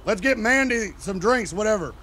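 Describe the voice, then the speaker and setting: A man's voice: high voice, animated, moderate pace, sharp tone, slight background noise. A man in a game role-play, telling a joking, profane story in a casual, chatty way.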